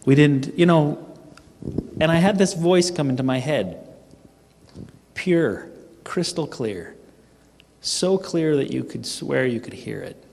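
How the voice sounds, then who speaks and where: A middle-aged man telling a funny personal story at a team training, animated and self-mocking. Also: on the high side, takes it slowly, vocal fry, pauses often. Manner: animated, humorous, acts out his own panicked voice. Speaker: speaker at a sales team training. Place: event hall. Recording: echoey hall reverb.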